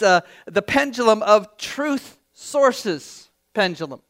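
A man's voice: very high voice, fairly bright tone. A man preaching a sermon as pastor, talking conversationally and asking the congregation direct questions. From Canada.

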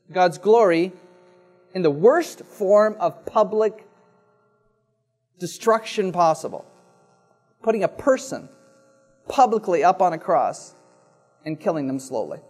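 High-voiced man preaching slowly. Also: darkish tone. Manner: slow, deliberate preaching with dramatic pauses and repetition. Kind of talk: sermon.

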